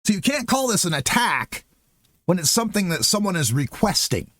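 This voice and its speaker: Animated, sarcastic male political ranter. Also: high voice, a little fast, no room sound, clean studio sound. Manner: sarcastic, incredulous, animated ranting. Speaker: political commentary show host.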